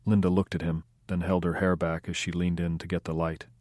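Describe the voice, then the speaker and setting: A man narrating a crime novel in an even, measured way. His voice sits very low and deep, and the recording is close and dry. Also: no room sound. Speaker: audiobook narrator. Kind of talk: scripted narration.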